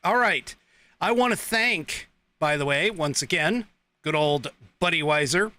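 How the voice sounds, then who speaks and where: Bright-voiced, rambling male livestream host. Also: a little high, lively intonation, unhurried, no echo. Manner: rambling, chatty, many fillers, chuckles to himself. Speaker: host of a political livestream show. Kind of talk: casual livestream chat.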